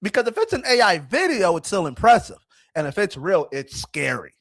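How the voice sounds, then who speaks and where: A man in his thirties hosting a casual commentary vlog, talking in an excitable, rambling way with frequent restarts. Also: sits high, normal speed, no room sound. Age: 30s. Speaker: host.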